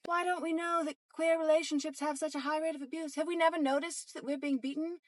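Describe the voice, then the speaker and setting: A preachy, earnest advocate in an exaggerated fake British accent, as a woman puts her on. The voice sits high and lofty, mocking in manner, with a dry sound close to the mic. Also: steady tone, fast talker, no room sound, distant mic, lightly acted. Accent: put-on British.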